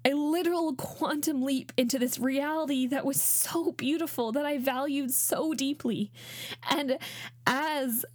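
A woman's voice: high voice, measured pace, no echo, studio quality. A woman in her late twenties with a Canadian accent, telling a personal story as a podcast host in a heartfelt, chatty way full of fillers. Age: late 20s.

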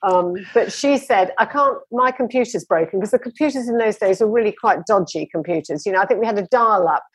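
A woman's voice: medium pitch, fairly quick, husky, no echo. A woman telling her running story with enthusiasm, rambling a little as a guest in a conversation. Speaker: interview guest.

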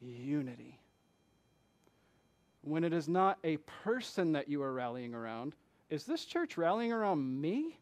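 A man with a notably high voice delivers a conversational sermon as pastor. He talks to the congregation like a friend, firing off rhetorical questions and jumping from hushed asides to loud, emphatic bursts. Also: sing-song, a little slow, long pauses.

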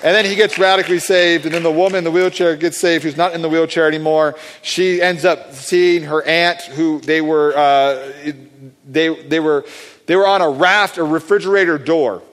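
A man's voice: fairly high pitch, moderate pace. Rambling man in a reverberant hall. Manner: rambling, many fillers and restarts; animated, acts out quoted voices. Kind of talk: excited storytelling testimony.

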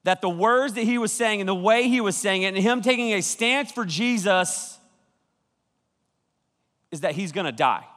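A man preaching to young people, playful and jokey, stopping to laugh and act out how his listeners might react. His voice sits a little high for a man. It rings with the long reverb of a large church hall, filmed by a camera crew. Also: normal speed, long pauses, a bit bright. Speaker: youth pastor. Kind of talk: joking youth sermon.

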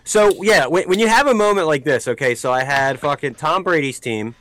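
A man co-hosting a casual podcast, telling a story in a profane, animated way with sudden shouted outbursts. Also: a little high, fairly quick, low-quality recording. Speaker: podcast co-host.

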